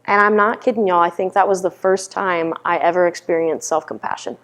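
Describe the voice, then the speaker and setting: A woman gives a dharma talk to her meditation community. Her voice sits a little low, and her delivery is candid and conversational, like she's telling friends a story. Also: steady tone, fairly quick, fairly bright tone. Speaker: meditation teacher.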